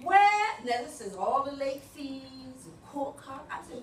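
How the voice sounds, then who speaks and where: A woman telling her testimony in church, a lively storyteller who acts out both sides of conversations. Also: high-pitched, a little slow. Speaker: church member giving a testimony. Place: church hall. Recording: echoey hall, picked up from far off.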